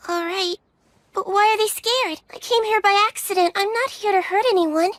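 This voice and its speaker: A woman's voice: very high voice, normal speed, no room sound. An actress playing a polite, earnest young witch girl who is lost far from home. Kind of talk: anime dub acting.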